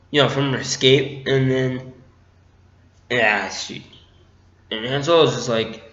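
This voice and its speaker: A man's voice: mid-range voice, bright, forceful tone, echoey room, dull audio. Giggly, jokey man reviewing a movie. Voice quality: jokey, giggly, acts out scenes with voices. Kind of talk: casual spoiler review vlog.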